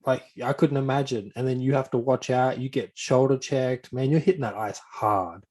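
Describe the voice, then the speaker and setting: A man hosting a casual interview, easygoing and quick to laugh. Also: mid-range voice, steady tone, darkish tone. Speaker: interview host. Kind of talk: casual chat.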